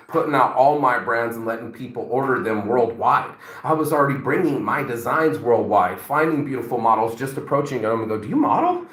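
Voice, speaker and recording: A man's voice: mid-range voice, a bit bright, roomy sound, low-quality recording. A man in his forties giving a rambling motivational talk, full of swearing and filler words. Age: 40s. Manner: rambling, profane, many fillers. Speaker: motivational vlogger. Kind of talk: casual motivational monologue.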